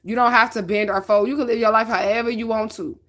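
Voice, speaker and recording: A woman's voice: on the high side, fairly even intonation, fast, a bit bright. A woman doing a casual tarot reading, talking bluntly with plenty of swearing and often checking in with "okay?". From northern United States. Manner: blunt, profane, checks in with 'okay?'. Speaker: tarot reader.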